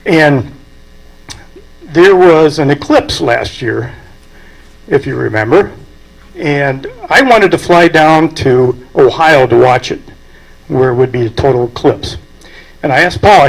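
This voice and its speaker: At a memorial, an older man who heads an aviation club gives a eulogy, telling folksy stories and chuckling along. His voice is a little high, animated and creaky, at a normal speed, captured in a low-quality recording.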